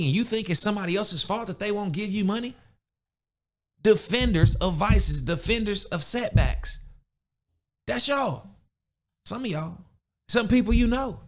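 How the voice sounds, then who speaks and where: A young man with a notably high voice hosts a podcast and rants in a casual, motivational way. He is blunt and preachy, talks in slang, and hammers the same points again and again. He mimics the excuses of the people he scolds. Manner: blunt, preachy, slangy, repeats himself, acts out other people in quoted voices. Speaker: podcast host.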